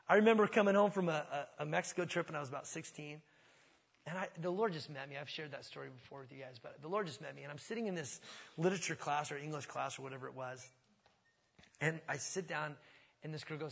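A man's voice: a little high, fast, vocal fry, slightly rough. Earnest male pastor preaching in a reverberant hall. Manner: earnest, swings from hushed to fervent. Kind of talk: sermon. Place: church sanctuary.

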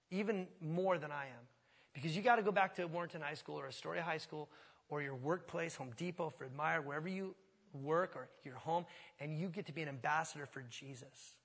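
A man's voice: on the high side, normal speed. Earnest male pastor preaching in a reverberant hall. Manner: earnest, swings from hushed to fervent. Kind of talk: sermon. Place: church sanctuary.

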